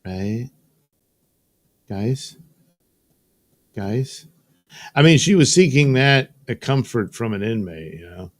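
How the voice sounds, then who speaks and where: A man's voice: mid-range voice, expressive, takes it slowly, pauses often, no echo, studio quality. A man hosting a live show in a casual, joking way, reading viewer comments aloud and tossing in silly voices. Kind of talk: casual live-stream chat. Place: studio.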